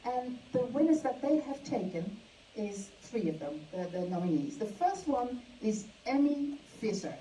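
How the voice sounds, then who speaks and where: A woman hosting a live awards ceremony. She speaks haltingly, with many fillers and restarts. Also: fairly high pitch, sing-song, mellow, a little hiss or hum. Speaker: awards host. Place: event hall. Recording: echoey hall, mic from a distance.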